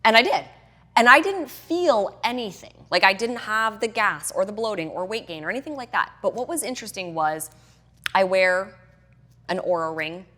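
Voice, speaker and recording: A woman's voice: mid-range voice, animated, moderate pace, pushed and bright. A middle-aged woman, a fitness and hormone health coach, chatting as a podcast guest and animatedly acting out her own past reactions. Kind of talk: casual podcast interview.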